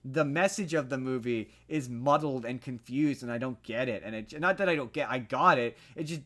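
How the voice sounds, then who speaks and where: A man's voice: medium pitch, moderate pace, fairly bright tone. A young man on a podcast, recapping a film in a loose, rambling way. He trips over restarts and fillers and grows heated as he argues his point. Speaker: podcast co-host. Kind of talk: casual movie review chat.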